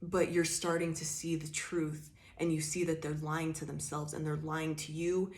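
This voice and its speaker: A woman with a low voice doing a casual tarot reading. She talks straight to the listener, emphatic and profane, and rambles with plenty of "like" and "you know.". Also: little pitch movement, moderate pace, hardly any pauses, a little mellow. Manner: emphatic, swears freely, addresses the viewer directly; loose rambling talk with frequent "like" and "you know". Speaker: tarot reader.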